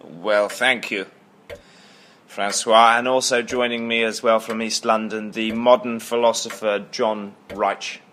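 A man's voice: lowish voice, steady tone, measured pace, fairly bright tone, a little hiss or hum. An actor playing a pompous male host of a philosophy show with flowery, grandiose phrasing. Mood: grand. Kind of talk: comedy sketch acting.

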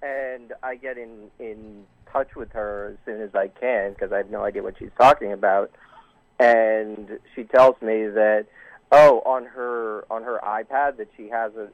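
On a dry, tinny phone line, a man calls into a show with a long story, rambling, restarting often, and using lots of fillers. His voice is on the low side with fairly even intonation, and he speaks a little slowly with no echo.

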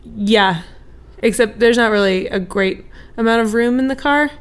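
A woman co-hosting a comedy podcast, telling an improvised story in a chatty, animated way. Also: on the high side, moderate pace, smooth. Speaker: podcast co-host.

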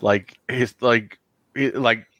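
A man running a tabletop horror game as game master, narrating with animated delivery. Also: medium pitch, slow pace.

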